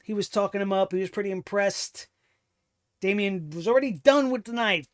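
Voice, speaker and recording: A man's voice: sits high, normal speed, no room sound, clean studio sound. A man hosting a wrestling review show, talking in a sarcastic, exasperated way and swearing freely. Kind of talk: casual commentary review.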